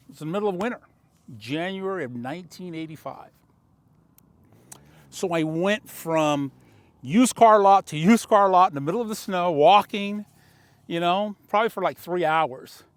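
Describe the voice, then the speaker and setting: A man in his sixties, a car dealer, telling a motivational story to the camera in an animated, building way. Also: fairly high pitch. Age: 60s.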